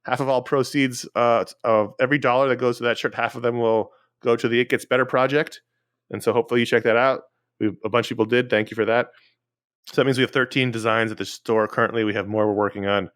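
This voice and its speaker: A man's voice: mid-range voice, steady tone, quick pace, a bit bright, no echo, studio quality. A man co-hosting a podcast in a casual, chatty way, running through announcements and listener emails. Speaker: podcast co-host.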